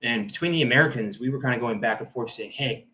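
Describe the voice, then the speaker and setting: A man, an Air Force veteran, telling his story as a podcast guest in an animated, vivid way. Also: medium pitch, quick pace, low-quality recording. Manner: vivid, animated retelling with acted-out quotes. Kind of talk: personal storytelling in a podcast interview.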